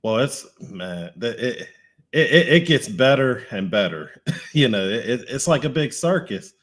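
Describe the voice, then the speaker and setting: A man's voice: medium pitch, sing-song, unhurried, fairly bright tone. A man co-hosting a casual talk show, easygoing and chuckling, often restarting his phrases. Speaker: podcast co-host. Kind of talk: casual chat.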